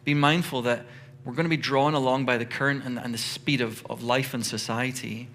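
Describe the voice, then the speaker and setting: A man preaching a sermon as pastor, telling the story in an animated, conversational way. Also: medium pitch, brisk, slight background noise.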